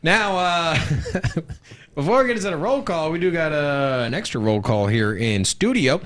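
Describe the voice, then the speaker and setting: High, lively hype man co-host. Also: moderate pace. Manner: loud, playful, joking shout-outs. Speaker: co-host of a live crypto show. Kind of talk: hype livestream banter. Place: studio.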